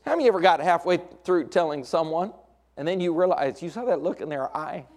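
A middle-aged male pastor preaching a sermon, moving between hushed, intimate lines and raised, emphatic points, with folksy humorous asides. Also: fairly high pitch, lively intonation, a little fast.

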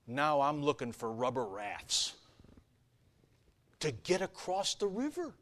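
A male pastor delivering a sermon with animated storytelling. His voice sits high for a man and rings bright, dropping low and soft and then surging loud as he acts out the characters. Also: takes it slowly.

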